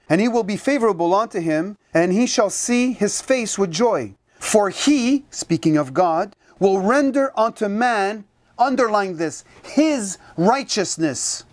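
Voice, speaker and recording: A Bible teacher gives an emphatic teaching, reading scripture passages aloud and answering their own rhetorical questions. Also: medium pitch. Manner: directs listeners to turn to verses and reads scripture aloud.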